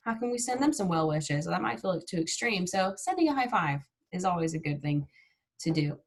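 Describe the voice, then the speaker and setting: A woman's voice: fairly low pitch, expressive, a little fast. A woman teaching an online mindfulness class, upbeat and chatty, guiding breathing exercises with frequent yawning.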